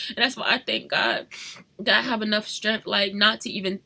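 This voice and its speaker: A young woman in an emotional confessional vlog, crying and talking softly at home. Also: medium pitch, steady tone, moderate pace, creaky. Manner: tearful, shifting between crying, soft whispers and rueful laughs. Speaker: vlogger. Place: home at night.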